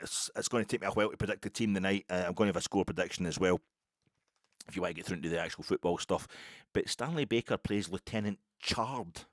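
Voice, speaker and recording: Middle-aged Scottish male podcast host, low voice, excitable rambling monologue, dry booth sound. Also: dry recording. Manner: rambling, animated, self-interrupting. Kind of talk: casual solo podcast monologue.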